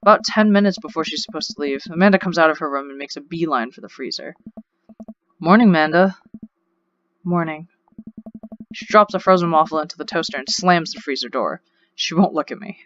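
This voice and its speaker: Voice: medium pitch, expressive, fast, a bit bright, muffled recording, slight background noise. A let's play host reading a dating game's text aloud, breaking off into rambling, chatty asides. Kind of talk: reading game text aloud with casual commentary.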